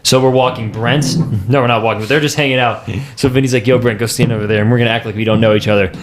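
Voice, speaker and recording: Fast-talking young man, casual podcast chat. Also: mid-range voice, fairly even intonation, slight background noise. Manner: fast, laughing, says dude a lot. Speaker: podcast co-host. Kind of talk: casual chat, storytelling among friends.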